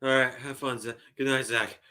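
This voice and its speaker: A man with a bright, forceful tone hosts a live reaction stream. He talks casually to his viewers, swears freely and breaks into loud, exasperated outbursts. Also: medium pitch, flat delivery, normal speed. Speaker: host reacting live to wrestling.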